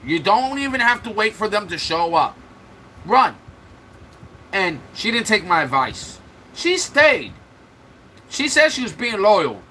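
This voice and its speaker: The livestream host jokes around and trash-talks commenters, his high, sharp voice very animated though his pace stays measured. It's a rough recording with slight background noise.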